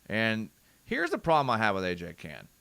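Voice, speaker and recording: A young man hosting a live fan show, breaking down game film and reading out viewer comments in a lively, ranting way. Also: lowish voice, normal speed, creaky. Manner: animated, ranting, addresses viewers as bro.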